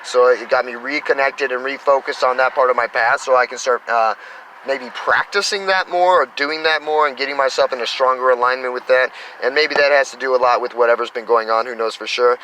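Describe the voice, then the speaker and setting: Bright-voiced man rambling outdoors. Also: medium pitch, fairly even intonation, fairly quick, slight background noise, rough recording. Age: 30s. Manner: enthusiastic, meandering, spiritual self-talk. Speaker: spiritual vlogger. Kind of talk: rambling casual monologue.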